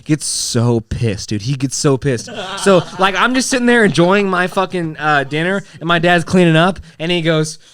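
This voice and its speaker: A man's voice: on the high side, expressive, moderate pace, few pauses, a bit bright. A young man co-hosting a podcast, telling a story in casual chat, swearing and laughing along the way. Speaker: podcast co-host.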